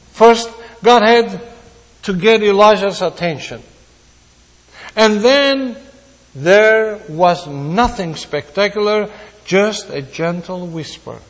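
A man preaching a sermon, earnest, with pauses and restarts, his voice rising and dropping. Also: sits high, in a large hall, low-quality recording.

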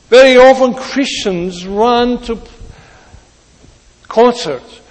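A man preaching a sermon, earnest, with pauses and restarts, his voice rising and dropping. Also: high-pitched, big pitch swings, long reverb tail, poor audio.

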